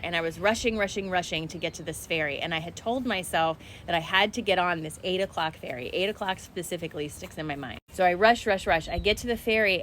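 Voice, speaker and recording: A woman's voice: fairly low pitch, fairly bright tone, slight background noise. A woman talking casually to her viewers in a spiritual energy update, chatty and direct.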